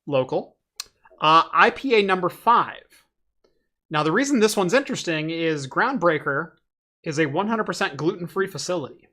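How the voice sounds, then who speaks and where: Man, podcast host, casual chat, bright tone, somewhat high pitch, filler-heavy. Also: animated, normal speed. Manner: laid-back, chatty, frequent fillers.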